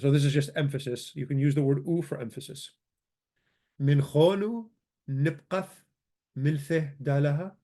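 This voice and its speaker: A man's voice: on the high side, warm tone. Man teaching grammar, methodical repetition. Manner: methodical, repeats example words slowly. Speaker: language teacher. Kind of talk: grammar lesson walkthrough.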